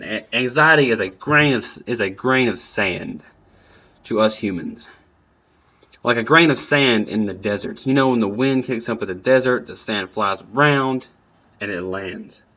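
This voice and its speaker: A man's voice: mid-range voice, pushed and bright. A young man giving earnest, encouraging advice in a personal talk, often repeating his phrases. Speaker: vlogger. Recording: dull lo-fi sound.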